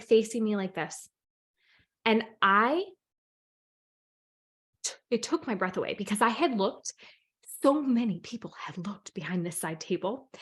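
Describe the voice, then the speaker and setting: A woman coach casually telling a personal story to camera in an animated, excitable way, full of "like", sometimes dropping to a whisper. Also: medium pitch. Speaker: manifestation and meditation coach.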